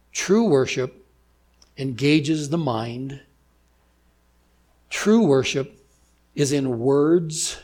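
A man preaching a sermon to a church gathering, measured and emphatic, with deliberate pauses, ending in prayer. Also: mid-range voice. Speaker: pastor.

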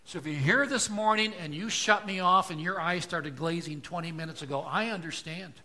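A man preaching a sermon to a congregation, asking rhetorical questions and moving between hushed, soft passages and loud, emphatic lines. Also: on the high side, a little fast. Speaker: pastor. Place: church.

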